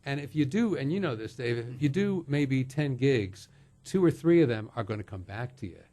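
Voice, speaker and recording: Relaxed chatty man, voiceover pro. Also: mid-range voice, moderate pace. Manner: relaxed, joking, talks with fillers and restarts. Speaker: voiceover actor guest. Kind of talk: casual studio chat.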